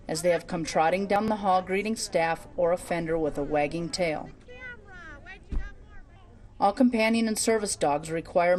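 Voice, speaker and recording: A woman narrating a training video in a calm, measured, scripted reading. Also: on the low side.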